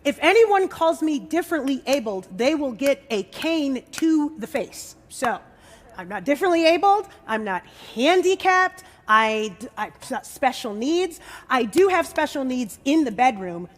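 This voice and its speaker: A woman's voice: sits high, very animated, measured pace. Sassy woman speaking in a reverberant hall. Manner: bold, sassy, joking. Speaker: musician and disability advocate. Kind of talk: stage speech to an audience. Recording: live hall with long reverb.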